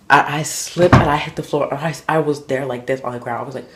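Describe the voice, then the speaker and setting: A man vlogging, telling embarrassing stories in an animated, dramatic way, full of fillers. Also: medium pitch, quick pace, slight background noise. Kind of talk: casual storytelling to camera.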